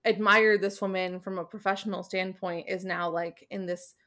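An opinionated woman co-hosting a casual book podcast, her voice at a middle pitch. She argues her points thoughtfully, with plenty of ums and likes along the way. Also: steady tone, moderate pace, fairly bright tone. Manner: thoughtful, opinionated, many fillers. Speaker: podcast co-host. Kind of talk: casual book club chat.

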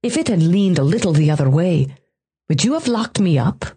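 A man's voice: high-pitched, expressive, brisk, dark tone, husky, exaggerated voice. A woman voicing a proud, wounded Irish man in an audiobook with an Irish accent, with a bitter, demanding manner.

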